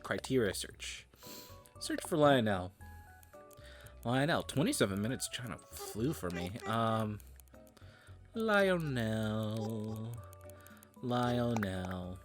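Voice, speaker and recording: A tired, yawning gaming streamer mutters comments while he plays, swearing now and then and drifting between loud and quiet. His voice is fairly low and expressive, slow with long pauses, over soft background music.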